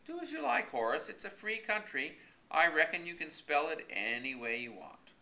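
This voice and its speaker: A dry, easygoing country man talks back in laconic folksy phrases, as a male reader puts him on. His voice is bright and a little high, with a lively lilt. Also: moderate pace, heavily acted, poor audio. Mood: teasing.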